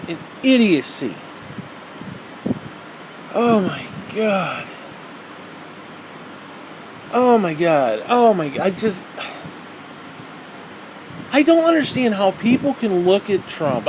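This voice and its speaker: A man with a high voice delivers a profane, exasperated rant straight into his vlog. His tone keeps turning sarcastic. A faint hiss of background noise sits under the recording. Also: darkish tone, low-quality recording. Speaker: vlogger. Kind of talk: ranting opinion vlog.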